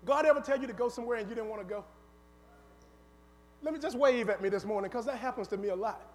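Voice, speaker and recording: A man with a very high voice preaches a story-driven sermon, calling out to the congregation and acting out the people in his story. His voice rings with a long reverb through a church sanctuary. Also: fast talker, slight background noise. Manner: call-and-response, acts out voices in the story.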